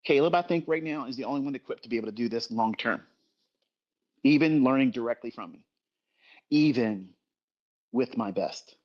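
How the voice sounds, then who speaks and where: A man's voice: medium pitch, moderate pace, long pauses, dull audio. A middle-aged man speaking in an impassioned livestream rant about trading, blunt and emphatic, swearing constantly and repeating himself for force.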